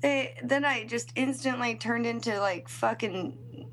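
A woman in her thirties co-hosting a casual comedy podcast, sarcastic and quick with judgy asides. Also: a little high, a bit bright, slight background noise. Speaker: podcast co-host.

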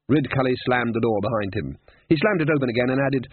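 Husky male narrator on a tinny line. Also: mid-range voice, quick pace, dry recording. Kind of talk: audiobook narration. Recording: tinny phone-like sound, dry.

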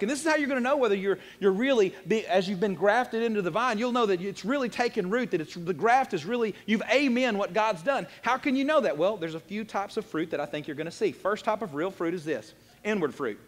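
Lively, high-voiced male pastor preaching. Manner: animated, joking, talks straight to the congregation. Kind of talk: sermon. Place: church sanctuary. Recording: long hall reverb.

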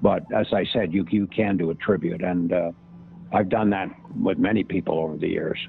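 An older man, an impressionist, telling showbiz anecdotes in a halting, storytelling way over a tinny line. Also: deep voice, steady tone, vocal fry. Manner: anecdotal, halting with many restarts. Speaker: impressionist guest. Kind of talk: casual interview storytelling. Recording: tinny phone-like line, dry.

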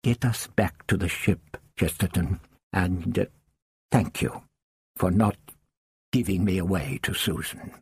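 A man voicing an elderly, proud grandfatherly man who speaks hoarsely in clipped, formal sentences. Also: low voice, measured pace, pauses often, no room sound, voice pushed down, heavily acted. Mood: weary.

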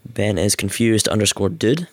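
Man, podcast co-host, easygoing chat, low pitch, dry close mic. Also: no echo. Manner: easygoing, slightly halting. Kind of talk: casual chat.

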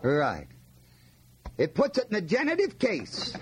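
A man's voice: high-pitched, wildly swooping pitch, measured pace, pauses often, slight background noise. A man preaching a folksy Bible-teaching sermon, often asking his listeners questions and leaning hard on key words. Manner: folksy, asks the audience questions, stresses words.

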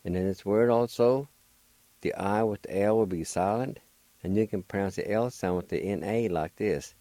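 A man's voice: fairly low pitch, moderate pace, warm tone, no room sound. An older man with a Cherokee accent, hosting a radio language lesson and patiently spelling out words letter by letter. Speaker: language teacher and radio host.

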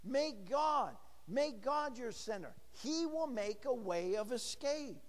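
Slow, high-voiced preaching man. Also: lively intonation, in a large hall. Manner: conversational preaching, asks the congregation questions. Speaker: pastor. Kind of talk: sermon. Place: church.

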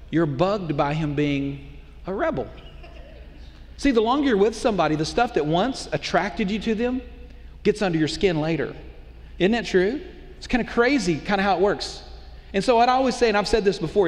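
A man's voice: high voice, lively intonation, fairly quick. A middle-aged male pastor preaching a sermon in a conversational way, often putting rhetorical questions to the congregation. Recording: long hall reverb.

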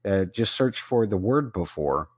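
A man's voice: lowish voice, animated, measured pace, husky, dry recording. A man hosting his own podcast alone, chatty and rambling, with fillers and asides. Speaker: podcast host. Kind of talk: solo podcast recap.

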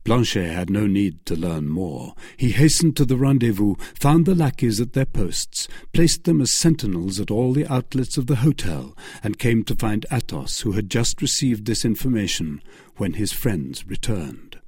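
A male narrator tells a classic adventure story with measured, expressive phrasing. His voice is husky with a lively pitch range. The recording is close and dry, with no room sound. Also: no echo. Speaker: audiobook narrator. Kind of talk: scripted narration of a classic novel.

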